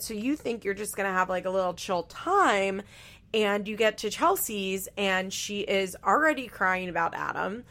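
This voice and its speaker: A woman with a fry-laced, gravelly edge to her voice talks through a reality show in a loose, chatty way. She is blunt, swears freely and leans on "like" between thoughts. Her pitch sits in an ordinary middle range. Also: bright, forceful tone. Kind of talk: casual reality-TV commentary.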